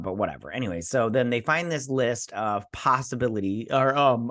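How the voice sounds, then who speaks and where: A man's voice: mid-range voice, lively intonation, brisk, few pauses, a bit bright. Guy doing a loose tv recap, um and uh everywhere, kinda sleepy. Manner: rambling, with many fillers, paraphrasing characters' lines. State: sleepy, yawning. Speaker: host. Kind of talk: casual episode recap and review.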